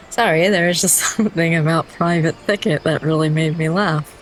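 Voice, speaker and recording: Young woman, lowish voice, reads game text aloud and keeps cracking up, faint hiss behind. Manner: giggly, breaks into laughter while reading. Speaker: game streamer. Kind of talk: reading game dialogue aloud in a playthrough.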